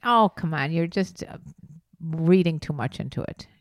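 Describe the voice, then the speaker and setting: A mother co-hosting a candid podcast with her adult son, reassuring and gently teasing him. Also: deep voice, expressive, moderate pace, no room sound, clean studio sound. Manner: reassuring, teasing, laughs easily. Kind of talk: candid family podcast chat.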